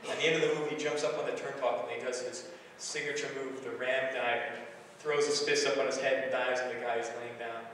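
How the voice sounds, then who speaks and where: A man preaches to a congregation, telling a story in a relaxed, conversational manner full of asides. His voice sits at an ordinary pitch and comes from a distance. A long, booming reverb fills the large hall around him. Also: fairly quick. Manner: conversational storytelling with filler phrases. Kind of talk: sermon retelling a film story. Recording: echoey hall recording from far off, faint hiss.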